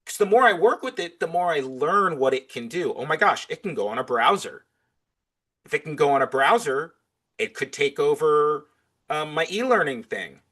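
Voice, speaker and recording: A man's voice: a little high, very animated, moderate pace, a bit bright. A man talking as a podcast guest in casual interview chat. He is enthusiastic and acts out both sides of his back-and-forth conversations.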